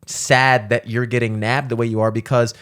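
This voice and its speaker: A man's voice: mid-range voice, flat delivery, moderate pace, fairly bright tone. A young man hosting a podcast, rambling in casual chat with many filler words and frequent swearing. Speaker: podcast host.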